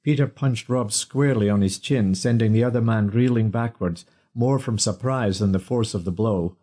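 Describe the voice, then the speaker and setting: A man narrating an audiobook in a measured storytelling manner. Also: fairly low pitch, mellow.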